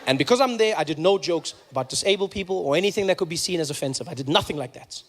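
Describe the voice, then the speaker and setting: Fields: male comic, high voice. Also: rapid-fire, big-room sound, slight background noise. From South Africa. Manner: animated, stammering retellings. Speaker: stand-up comedian. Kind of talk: stand-up storytelling.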